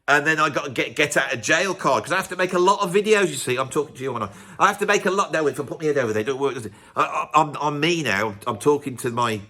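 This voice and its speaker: A man's voice: a little high, lively intonation, fast talker, hardly any pauses, pushed and bright. A man hosting his music channel, rambling and teasing his viewers. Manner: rambling, teasing, self-mocking asides. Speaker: YouTube music channel host. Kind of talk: casual vlog commentary.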